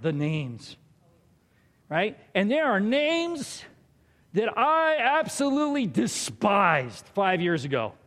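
Male pastor, 30s, high voice, chatty animated preaching that acts out quotes, big reverberant hall. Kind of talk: sermon. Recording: long reverb of a large hall.

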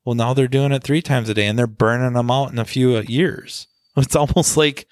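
A man co-hosts a podcast about the auto repair trade, talking casually in a loose, rambling way with lots of "you know" fillers. His mid-range voice is fairly even, moderately paced and a little mellow, with clean studio sound and no echo.

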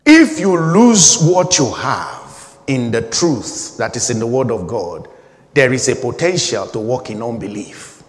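A man's voice: mid-range voice, very animated, unhurried, big-room sound. A man in his forties preaching a sermon, emphatic and repetitive, building in intensity. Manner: emphatic, repeating phrases, rising intensity.

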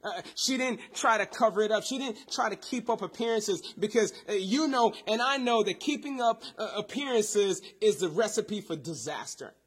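A man preaching a sermon, swinging between intense rises and quiet drops and repeating his key lines. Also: high-pitched, animated, moderate pace, hardly any pauses, husky. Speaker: pastor.

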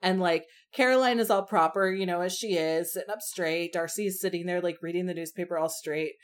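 A young woman chatting about movies with a friend in a relaxed, rambling way. Her voice sits a little low for a woman. She leans on fillers and drops an occasional swear word. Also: brisk. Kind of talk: casual chat about film adaptations.

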